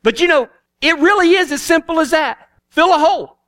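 A man's voice: very high voice, lively intonation, fairly quick, fairly bright tone. A middle-aged man with a Texan accent, telling a folksy story as a cowboy preacher in a sermon. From Texas.

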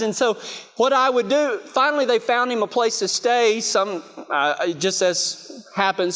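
Male West Texas preacher with a strikingly high voice, telling stories with a self-mocking humor, booming in a big reverberant hall. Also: a bit bright. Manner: chatty, self-mocking, lots of "you know". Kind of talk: storytelling sermon.

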